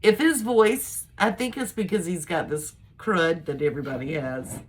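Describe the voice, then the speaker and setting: A woman's voice: lowish voice, moderate pace, slightly rough. An older woman chatting casually to her camera, rambling in a chatty, homespun way. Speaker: vlogger. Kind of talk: casual personal chat to camera.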